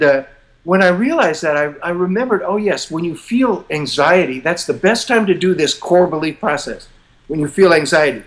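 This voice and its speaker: Guesting on a casual interview, an older American man tells his story with a self-deprecating chuckle, now and then voicing his own inner thoughts. His voice runs somewhat high for a man, with a fairly bright tone.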